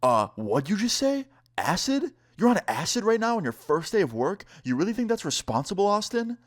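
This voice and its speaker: A man's voice: mid-range voice, expressive, a little fast, natural voice. A man putting on the voice of his irritated, bossy male pet shop boss, scolding and exasperated. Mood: incredulous.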